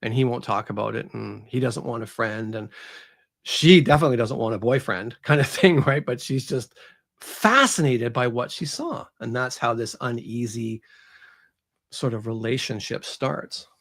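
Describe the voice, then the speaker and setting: A man, an author who is a guest on an interview show, retelling a story in a casual, animated way and acting out the characters. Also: medium pitch, normal speed, creaky.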